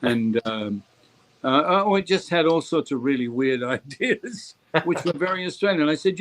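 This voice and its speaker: A man's voice: a little high, moderate pace. An older man, a guest actor, tells stories in an interview and acts out the voices of the people he quotes. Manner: animated storyteller who acts out quoted voices. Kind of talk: anecdotal interview storytelling.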